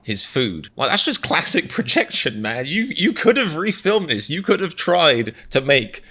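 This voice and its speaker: A man's voice: a little high, big pitch swings, measured pace, bright, forceful tone. A man giving sarcastic, self-mocking comedic commentary as he reacts to a video.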